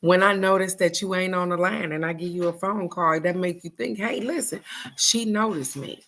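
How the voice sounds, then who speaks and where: A woman's voice: on the low side, steady tone, a little fast. An older woman, hosting a morning live stream and talking in a casual, heartfelt way to her viewers, often asking "guess what?". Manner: repetitive, warm-hearted, asks "guess what?".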